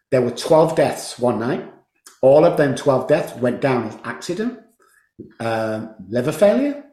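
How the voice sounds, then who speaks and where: Fervent man, 50s, interview guest, mid pitch, echoey room. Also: darkish tone. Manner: emphatic, fervent, repeats phrases for force. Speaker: podcast guest, addiction recovery program founder. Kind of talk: emotional storytelling interview. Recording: roomy echo.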